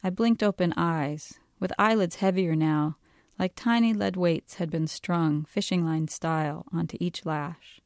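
A woman author reading her own novel aloud in a calm, measured way. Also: lowish voice, dry recording, clean studio sound.

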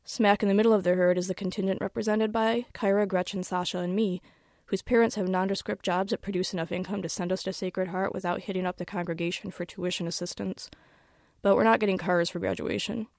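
A woman's voice: mid-range voice, brisk, no room sound. Woman reading fiction wryly, dry sound. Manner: wry, deadpan first-person delivery. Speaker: author. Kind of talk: reading aloud her own fiction.

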